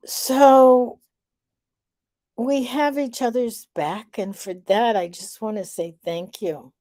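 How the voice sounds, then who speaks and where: A middle-aged woman hosting a live vlog, reflective and unhurried, a little out of breath. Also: on the low side, expressive, no echo, studio quality. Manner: warm, reflective, unhurried with many fillers. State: slightly out of breath. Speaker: vlog host.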